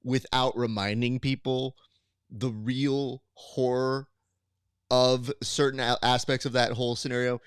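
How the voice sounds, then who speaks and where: A man's voice: medium pitch, measured pace, clean tone, no echo, clean studio sound. A man hosting a podcast in casual chat, telling stories and acting out the people in them. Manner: animated storyteller, acts out quoted exchanges. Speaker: podcast host.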